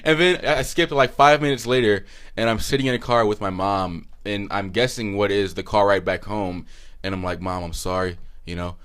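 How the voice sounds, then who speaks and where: A young man with a low, deep voice, co-hosting a casual podcast. He talks in a laid-back, slangy way and drifts into storytelling at a small table. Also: a little fast, fairly bright tone. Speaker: podcast co-host. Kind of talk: casual chat.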